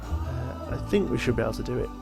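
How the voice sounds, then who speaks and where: Over music, a tired man with a creaky, mid-range voice talks quickly through his let's play. He muses aloud in a relaxed, chatty way about the game, and his voice carries yawns.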